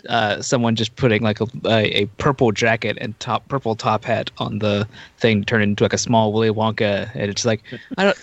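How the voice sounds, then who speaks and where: A man's voice: on the low side, steady tone, moderate pace, dull audio. Rambling, jokey male podcast co-host. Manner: rambling, jokey, slips into silly voices. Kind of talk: casual chat.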